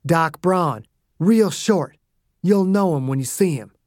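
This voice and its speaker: A man voicing a gruff, terse older male agent who swears when angry. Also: on the high side, animated, takes it slowly, a little mellow, no echo, clean studio sound. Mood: commanding.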